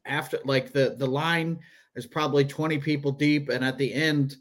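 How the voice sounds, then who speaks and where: Male comedian host, slightly high voice, rambling storyteller who acts out the people he quotes. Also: fairly even intonation, moderate pace, fairly bright tone. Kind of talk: casual storytelling chat.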